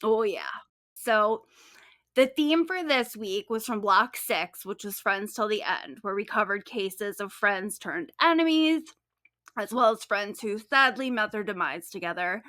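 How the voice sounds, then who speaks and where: A woman who co-hosts a true-crime podcast and wrote up the case tells it in an upbeat, chatty way, dropping casual swears. Her mid-range voice is expressive, unhurried, bright and forceful, captured as clean studio sound with no echo.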